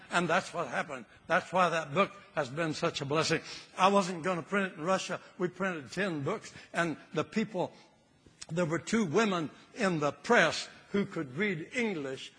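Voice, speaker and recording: A man's voice: sits high, animated, measured pace, fairly bright tone, husky, in a large hall. An older man preaching a sermon with fervor, repeating phrases for emphasis.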